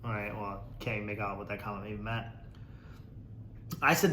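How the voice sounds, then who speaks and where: A man's voice: lowish voice, a little fast, long pauses, sharp tone, reverberant, a little hiss or hum. A man hosting a casual podcast, reading viewer comments aloud and mocking them sarcastically, swearing freely. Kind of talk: casual chat.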